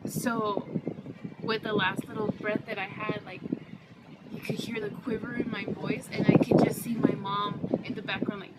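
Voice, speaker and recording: A woman's voice: medium pitch, flat delivery, normal speed. A young adult woman telling her personal story in a casual, heartfelt way, often saying "like". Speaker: interviewee. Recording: loud vehicle noise behind.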